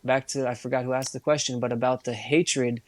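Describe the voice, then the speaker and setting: A man's voice: medium pitch, brisk, dry recording. Young man telling stories, dry sound. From United States. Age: young adult. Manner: animated anecdotes, many fillers and restarts. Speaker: interview guest. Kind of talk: casual storytelling.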